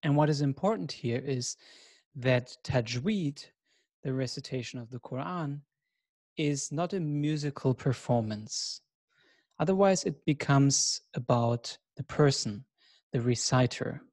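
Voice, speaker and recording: A man gives a course lesson at an unhurried, deliberate pace. His voice sits at an ordinary pitch and is recorded dry and close, with no room echo. He sounds measured and reflective and invites listeners to join in. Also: a little mellow. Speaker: course teacher. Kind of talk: recorded lecture.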